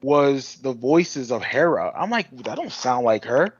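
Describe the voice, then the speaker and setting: A man co-hosting a podcast in casual discussion, animated and rambling with many restarts. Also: medium pitch, measured pace, husky, no room sound, muffled recording. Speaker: podcast co-host.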